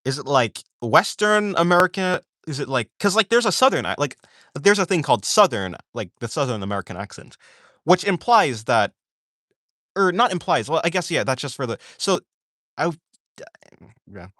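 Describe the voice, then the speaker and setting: Rambling man with a lively voice. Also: a little high, moderate pace, dry recording, studio quality. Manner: rambling, full of "like" fillers and self-corrections; reads viewer questions aloud and answers them. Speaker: art streamer chatting with viewers. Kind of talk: casual livestream chat.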